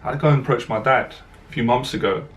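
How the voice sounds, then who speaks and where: A man's voice: mid-range voice, fast, fairly bright tone. A man, a dating coach, telling a personal story to camera in an earnest, direct way, repeating himself as emotion catches in his voice.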